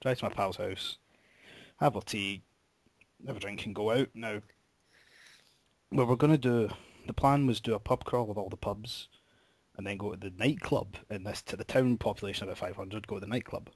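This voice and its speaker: A young man hosts a podcast, telling a rambling story in a casual chat full of swearing and laughter. His voice is fairly low and moderately paced, and the recording is dry.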